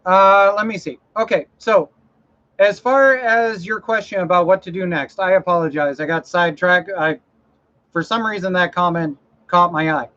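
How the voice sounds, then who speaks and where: A man's voice: sits high, normal speed, pushed and bright. A man hosting a casual livestream, rambling about trucks and mowers and reading out viewer comments. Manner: rambling, reads viewer comments, self-correcting. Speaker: livestream host. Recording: dull lo-fi stream audio.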